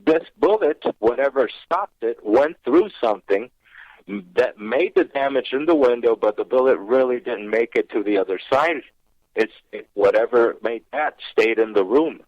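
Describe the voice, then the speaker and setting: A man's voice: medium pitch, no room sound. A man calling in to a radio show and telling a personal ghost story, acting out his own remarks along the way. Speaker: caller on a paranormal radio show. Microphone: phone. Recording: dull, dry phone line.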